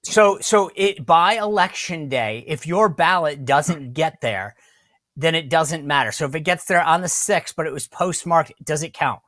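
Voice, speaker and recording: A man hosting a political interview show, talking with animated energy and often restarting his sentences. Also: on the high side, a little slow, no echo, clean studio sound. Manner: animated, repeats himself and restarts. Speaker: podcast host.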